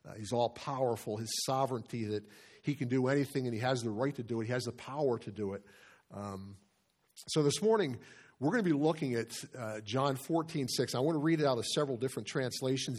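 A man's voice: medium pitch, a little fast, a little mellow. Earnest male pastor preaching. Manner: earnest, repeats phrases for emphasis. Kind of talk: sermon.

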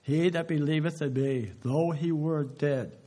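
Male preacher, fairly high husky voice, slow emphatic sermon delivery with hushed endings. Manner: slow, emphatic delivery, drops to a hush on key words; asks the audience rhetorical questions.

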